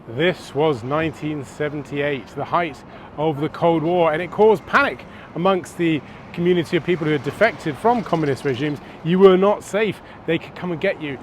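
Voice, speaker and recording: Male history presenter, slightly higher voice, storytelling on location with faint traffic behind. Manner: storytelling, conversational, dramatic pauses. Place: outdoors on city streets.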